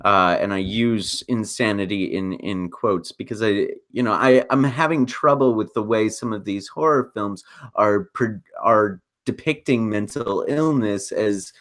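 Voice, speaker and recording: A man on a podcast panel talking thoughtfully, halting with many fillers and now and then sarcastic. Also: on the low side, a bit bright. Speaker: podcast co-host. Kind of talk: casual roundtable discussion.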